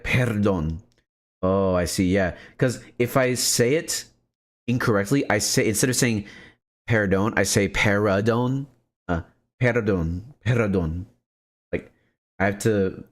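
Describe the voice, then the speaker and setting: A man streaming a video game, chatting casually and joking with his viewers as he plays. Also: low-pitched. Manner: playful, joking, chats to viewers. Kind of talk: casual gameplay commentary.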